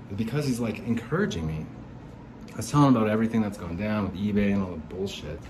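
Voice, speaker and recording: A man's voice: lowish voice, fast, darkish tone, slight background noise. A man ranting in a casual, rambling monologue, agitated and swearing, with lots of fillers. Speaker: podcaster venting in a voice message.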